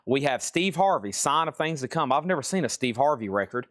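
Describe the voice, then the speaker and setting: A man's voice: mid-range voice, animated, brisk, a bit bright, no echo, studio quality. A man hosting a live record sale, talking in a casual, rambling, chatty way. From Tennessee. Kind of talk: live sales stream.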